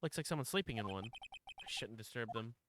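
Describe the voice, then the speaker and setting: A man's voice: mid-range voice, expressive, a little fast, background noise. A man streaming a story game, reading its text aloud with casual, swearing commentary.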